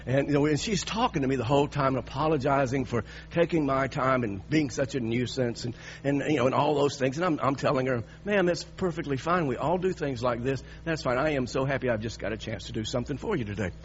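A man in his sixties preaching, telling a personal story with lively, halting restarts. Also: medium pitch, dull audio, a little hiss or hum. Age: 60s. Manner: animated storytelling with repeated restarts.

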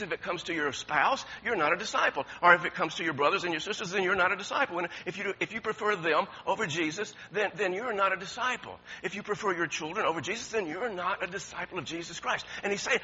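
A man preaches a sermon with a high, bright, somewhat husky voice that swings widely in pitch. He chuckles often and stumbles over repeated words as he talks. The recording sounds dull and lo-fi.

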